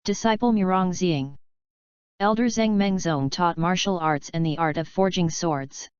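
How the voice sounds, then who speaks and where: A woman's voice: fairly low pitch, unhurried, darkish tone, clean tone, dry recording, lightly acted. A woman reading the lines of a stern, formal female sword disciple. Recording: slightly dull lo-fi recording.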